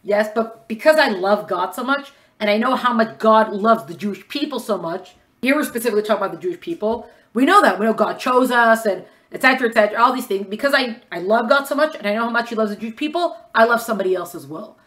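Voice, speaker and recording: A woman teaching a lecture class in a quick, conversational way, acting out bits of dialogue. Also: fairly high pitch, expressive, a bit bright. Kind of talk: lecture on religious texts.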